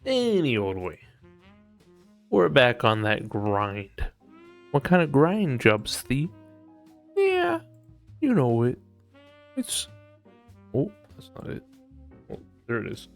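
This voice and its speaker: Foul-mouthed man with lively swinging pitch. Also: slow pace, creaky, long pauses, soft background music. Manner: profane, mock-aggressive joking with big swings in pitch. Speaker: live streamer. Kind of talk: casual live-stream chatter while sculpting.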